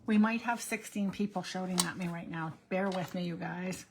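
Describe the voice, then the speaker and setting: A woman's voice: fairly low pitch, normal speed, few pauses. A middle-aged woman, hosting a card-making video in a casual, rambling way from her craft room at home, chatting straight to her viewers. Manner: rambling, self-interrupting, talks to viewers.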